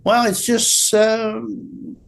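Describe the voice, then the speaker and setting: A man's voice: high-pitched, little pitch movement, drawn-out words, vocal fry, a little hiss or hum. A man from Newfoundland with a Newfoundland accent, chatting as a guest in a casual interview, rambling and often ending his sentences with "right?". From Newfoundland, Canada. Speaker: guest, drywall taper.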